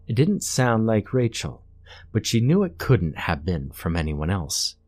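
A man reading a horror story aloud in a steady, measured narration. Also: lowish voice.

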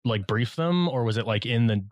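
A man's voice: mid-range voice, animated, normal speed, dry recording, clean studio sound. Blunt, swearing man in casual chat.

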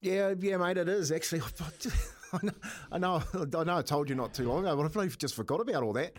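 On casual radio banter, a middle-aged New Zealand man co-hosting the show tells a funny family story, speaking on the high side at a quick pace. He's chatty, laughs often, and says "mate" constantly.

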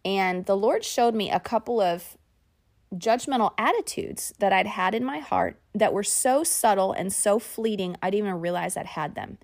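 A woman tells a personal story on her podcast. Her voice sits at an ordinary middle pitch for a woman. She speaks in an animated way, laughs often, and says "y'all" to her listeners. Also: normal speed, vocal fry. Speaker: podcast host.

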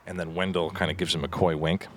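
A man playing a tabletop role-playing game, narrating his character's actions and jumping into loud mocking voices, with music behind. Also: sits low, little pitch movement, quick pace.

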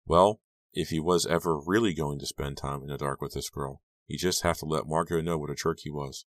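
A male audiobook narrator with an extremely deep voice who tells the story in a measured, brooding way. The recording is dry and close, with no room sound. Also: steady tone, dry recording. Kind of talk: scripted narration.

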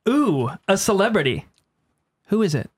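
A man's voice: sits high, big pitch swings, normal speed, husky. A man in a party guessing game giving mock-solemn, evasive answers. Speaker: player in a spy guessing game. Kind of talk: casual chat.

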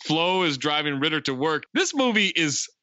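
A man's voice: on the high side, big pitch swings, normal speed, sharp tone, dry recording, lo-fi sound. A man co-hosting a podcast, recapping a film's plot in casual chat and quoting its lines. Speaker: podcast co-host.

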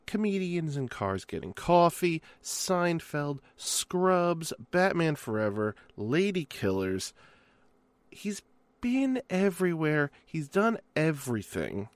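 A man's voice: a little high, no echo. A man hosting a show, introducing guests with enthusiastic, showman-like flair. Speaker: podcast host.

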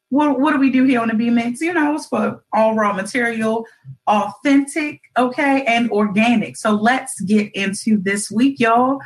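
A woman's voice: fairly high pitch, rough recording. A woman hosting an online radio show, talking casually to her listeners with corny jokes and lots of y'all. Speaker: internet radio host. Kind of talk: casual livestream talk show.

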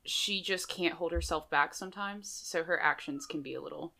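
A woman's voice: low voice, normal speed, gravelly, bright, forceful tone. A woman casually describing her tabletop game character, chatty and hesitant with fillers. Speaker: player.

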